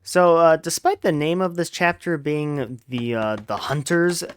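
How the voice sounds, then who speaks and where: A man with a smooth voice on the high side hosts a let's-play podcast, talking at a measured pace. While gameplay runs, he chats casually about a book, using lots of fillers and playful gamer slang.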